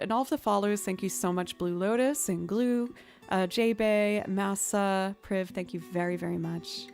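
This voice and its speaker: Female music streamer, casual chat, mid pitch, faint music bed. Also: normal speed, vocal fry, darkish tone. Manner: chatty, thanks viewers, frequent fillers.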